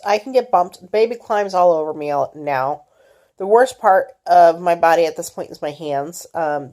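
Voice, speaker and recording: Middle-aged female vlogger, lowish voice, candid, halting delivery. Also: darkish tone. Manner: candid, halting, many fillers and restarts. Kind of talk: personal health story, casual.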